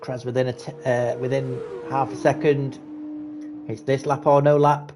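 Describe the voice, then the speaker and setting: A man giving casual live commentary on a sim racing event, chatty and excitable at close battles. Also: medium pitch, moderate pace, background noise. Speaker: race commentator.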